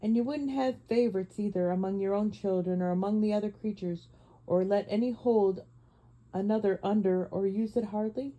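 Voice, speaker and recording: Solemn male lion king, grave and commanding, deep mellow tone , read by a woman. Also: normal speed, close to an everyday voice, rough recording.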